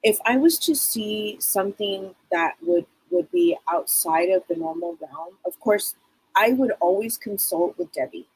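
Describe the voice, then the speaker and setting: A woman's voice: mid-range voice, lively intonation, a little slow, a little mellow, husky, low-quality recording. A middle-aged woman hosting a live psychic reading broadcast, rambling casually with many fillers. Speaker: psychic show host.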